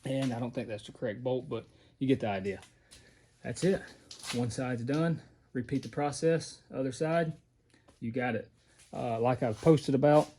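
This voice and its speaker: A man's voice: medium pitch, warm tone. A man giving a casual how-to while he works on a vehicle, plain-spoken and out of breath. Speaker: off-road parts maker showing an install.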